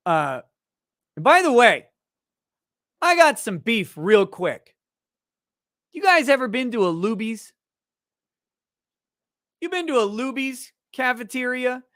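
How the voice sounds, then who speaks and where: A man hosting a casual livestream, reading viewer chat messages aloud and joking, often restarting his sentences and growing animated in his stories. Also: extremely high pitch, no room sound, clean studio sound. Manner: rambling and joking, with halting restarts; animated when telling stories. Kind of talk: casual live-stream chat.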